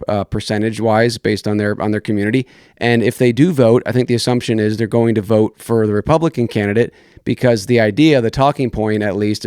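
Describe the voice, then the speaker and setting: A man's voice: on the low side, a little mellow, smooth, dry recording, studio quality. A man hosting a political commentary podcast, reading news articles aloud and criticizing them in a blunt, searching way with many restarts. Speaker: podcast host.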